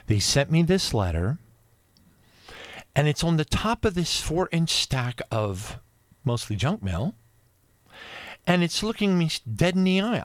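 A man in his fifties telling a personal religious testimony, rambling and emotional, with frequent restarts and excited outbursts. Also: fairly high pitch, no room sound, studio quality. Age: 50s. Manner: rambling with many restarts and asides. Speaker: religious video speaker.

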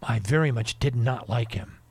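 A man hosting a radio show, ranting in an indignant monologue that swings between loud and quiet. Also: medium pitch, moderate pace, creaky, slightly rough, no echo.

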